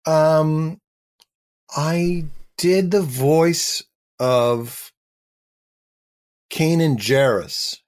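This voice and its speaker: A middle-aged actor guesting on an interview show tells an amusing story, animatedly performing the dialogue of its people. His voice is fairly high, he draws out his words, and he pauses often.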